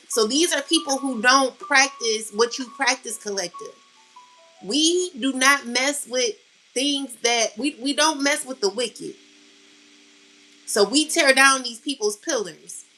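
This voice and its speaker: A woman with a fairly high, bright voice delivers a slow, heartfelt spiritual monologue to her listeners. She is blunt and passionate, swears freely, and sounds close to tears. Soft music plays quietly behind her. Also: poor audio. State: near tears. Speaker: tarot reader. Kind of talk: emotional spiritual monologue to viewers.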